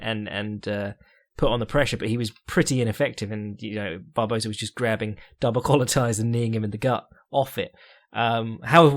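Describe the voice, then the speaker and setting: A man hosting a podcast, breaking down fights in a rambling, casual way with sweary jokes and chuckles. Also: medium pitch. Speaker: podcast host.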